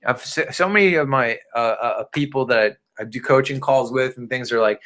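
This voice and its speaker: Energetic man coaching sales. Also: medium pitch, a little fast, hardly any pauses. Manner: energetic, casual, repeats and restarts phrases, acts out prospects' replies. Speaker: network marketing coach. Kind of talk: recorded training presentation.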